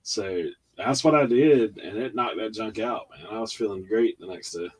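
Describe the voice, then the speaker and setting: A man's voice: fairly low pitch, moderate pace, breathy edge, poor audio. A man co-hosting a casual chat, telling stories with lots of laughter. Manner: storytelling, animated, laughing. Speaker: podcast co-host.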